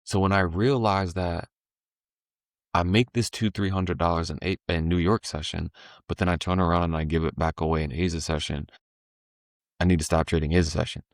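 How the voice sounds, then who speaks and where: A man's voice: low-pitched, brisk, no echo, clean studio sound. A man talking casually as a podcast guest, telling stories in a laid-back, slangy way. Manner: laid-back slangy storytelling, animated when voicing the market.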